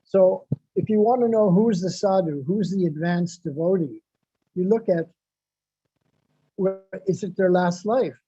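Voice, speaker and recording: Guy preaching a devotional sermon, kinda high mellow voice, dull dry lo-fi audio. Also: measured pace, breathy edge, dry recording. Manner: repeats phrases for emphasis, recites Sanskrit verses. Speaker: devotional speaker.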